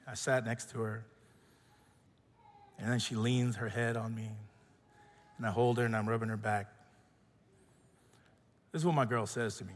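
A middle-aged man preaching a sermon, telling a personal story in an animated way, acting out quotes and going soft and quiet in tender moments. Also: mid-range voice, normal speed, long pauses, long reverb tail. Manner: animated storytelling, acts out quotes, drops to soft tones when emotional. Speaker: pastor.

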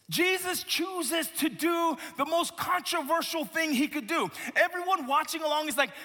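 Male pastor, animated storyteller, bright high voice, reverberant hall. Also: moderate pace, few pauses. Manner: animated storytelling with playful asides. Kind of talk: sermon.

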